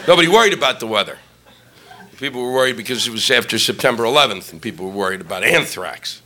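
A man performing a stand-up comedy set, ranting and profane, shouting his punchlines, recorded live on a club stage before a laughing audience. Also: medium pitch, animated, fast talker.

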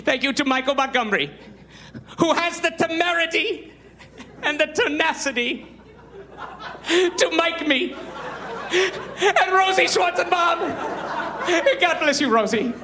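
A man impersonating a pompous, self-adoring male TV interviewer, slow, theatrical and over-emotive, on a live stand-up stage. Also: very high-pitched, animated, pitched above the performer's own voice, full character voice. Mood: gushing. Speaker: stand-up comedian. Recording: live club, loud crowd and noise.

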